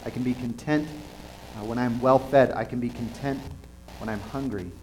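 A man preaching a conversational sermon in an earnest, halting way, often restarting his sentences. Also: medium pitch, steady tone, a little mellow, a little hiss or hum, low-quality recording.

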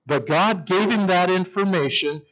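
A man's voice: high voice, unhurried, a bit bright, muffled recording. A male pastor preaching a sermon, retelling scripture as a story and acting out its voices.

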